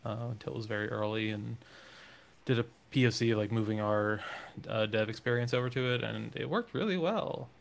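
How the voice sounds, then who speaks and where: A man on an online panel making a quick, offhand comment with fillers. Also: mid-range voice, creaky. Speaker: panel guest. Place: remote video call.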